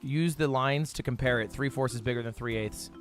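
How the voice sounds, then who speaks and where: A young man streaming himself solving math drills, reading questions aloud fast, muttering counts and shouting in frustration. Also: mid-range voice, soft background music. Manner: frustrated outbursts, reads questions aloud fast, counts under his breath. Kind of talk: live-stream commentary while solving math problems.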